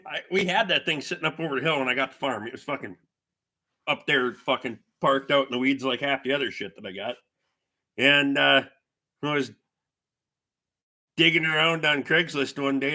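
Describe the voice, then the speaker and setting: A man's voice: medium pitch, bright, forceful tone. A middle-aged man hosting a livestream, telling rambling, profane stories and reading viewer comments aloud. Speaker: livestream host. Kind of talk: casual storytelling chat with viewers.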